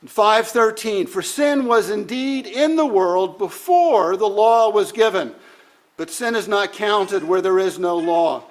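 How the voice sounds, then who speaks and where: Slow, high-voiced male preacher. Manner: measured, deliberate, with many "uh" fillers. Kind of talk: sermon.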